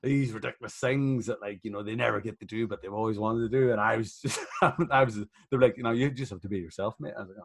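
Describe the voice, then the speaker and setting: A man's voice: fairly low pitch, fairly even intonation, quick pace, vocal fry, few pauses. A man chatting casually on a podcast about wrestling shows, laughing often and swearing freely. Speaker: professional wrestler guest.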